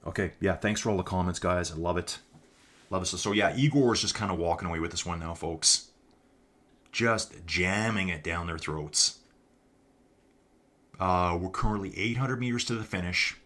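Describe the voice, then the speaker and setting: Low-voiced guy doing live virtual bike race commentary, super chatty, keeps calling everyone folks. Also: normal speed, long pauses, a bit bright. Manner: chatty, addresses viewers as folks, reads chat aloud.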